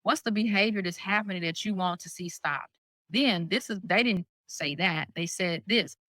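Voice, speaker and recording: A woman co-hosting a casual podcast chat as a coach, animated and quick to laugh, often acting out what others said. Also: lowish voice, no echo. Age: adult parent of a young child. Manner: animated, laughs often, acts out quoted speech. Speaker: co-host and coach.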